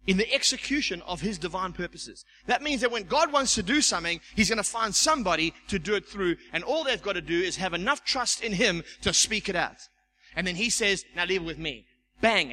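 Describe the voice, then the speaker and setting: A man preaching a sermon as pastor, animated, stumbling over repeated words and acting out the voices he quotes. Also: high-pitched, a little hiss or hum, low-quality recording. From South Africa.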